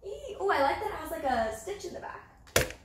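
A woman's voice: very high-pitched, big pitch swings, normal speed, roomy sound, background noise. A Canadian woman in her twenties, chatting casually and bubbly as a vlogger, full of "like" fillers. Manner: bubbly, chatty, fashion-loving, many "like" fillers. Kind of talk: casual chat.

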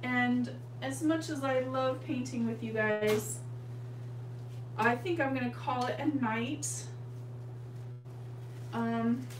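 A woman hosting a painting livestream, chatting casually and affectionately with her viewers. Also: fairly high pitch. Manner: chatty and affectionate, addresses viewers as "you guys". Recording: echoey room, mic at a distance, steady hum.

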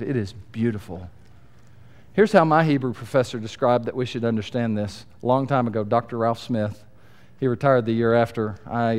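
A middle-aged pastor delivers a sermon with animated energy and plenty of jokes. He swings from quiet asides to booming emphasis.

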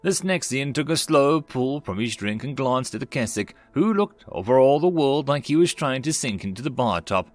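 A man narrating a science-fiction short story in a measured audiobook style. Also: mid-range voice, animated, dry recording, faint music behind. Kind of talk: scripted narration.

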